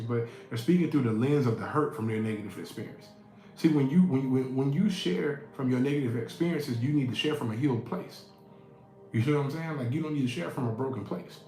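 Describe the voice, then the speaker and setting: A man gives a preachy motivational talk, driving points home by repeating them. His voice sits at an ordinary pitch and rings around an echoey room. Faint music plays underneath. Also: a little mellow. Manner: preachy, repeats key lines for emphasis. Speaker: inspirational speaker.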